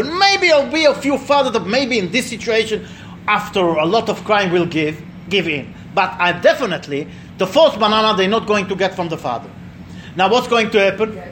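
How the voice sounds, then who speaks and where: A man's voice: sits high, lively intonation, moderate pace, fairly bright tone, a little hiss or hum. A middle-aged man teaching a religious class in a conversational way, telling stories and asking the listeners questions. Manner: storytelling, asks the listeners questions, acts out voices. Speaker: rabbi or teacher leading a class.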